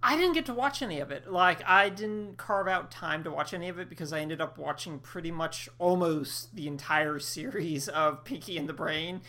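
Woman co-host, low bright voice, loose rambling chat. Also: normal speed, hardly any pauses. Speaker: podcast co-host. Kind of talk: casual chat.

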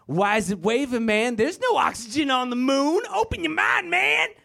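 A man's voice: very high-pitched, sing-song, normal speed, gravelly, pushed and bright, voice pushed up, exaggerated voice. A man voicing an insistent adult male conspiracy theorist relative, in a whiny, preachy way, as part of a stand-up set.

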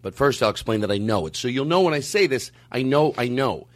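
A man hosting a comedy podcast, ranting emphatically and with profanity, swinging from calm explaining to shouting. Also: medium pitch, a little fast. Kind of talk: comedic rant.

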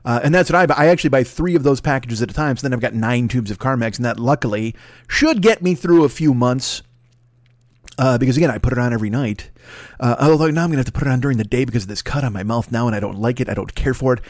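A man of middle pitch hosts his own podcast alone in a rambling comic monologue. He swears freely and mocks himself. His voice is close and dry, with no room sound. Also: dry recording. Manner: profane, self-mocking, rambling; talks fast, then slows down. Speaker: podcast host.

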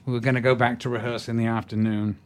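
Older actor telling stories. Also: male voice, mid-range voice, little pitch movement, fast. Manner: rambling with many restarts, amused. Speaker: actor guest. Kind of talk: casual anecdote in an interview.

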